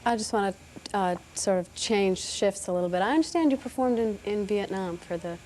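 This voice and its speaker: A woman interviewing a guest, asking quick, probing questions with some stumbles. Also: mid-range voice, darkish tone, a little hiss or hum.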